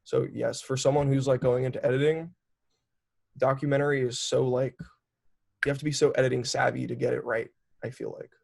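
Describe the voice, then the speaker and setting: A young filmmaker in his twenties talks through his work in a loose, chatty way, dropping "like" every few words. His mid-range voice has a gravelly fry to it. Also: medium pitch, fairly quick. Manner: chatty, lots of "like" fillers, animated storytelling. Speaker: documentary filmmaker. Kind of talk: casual interview chat.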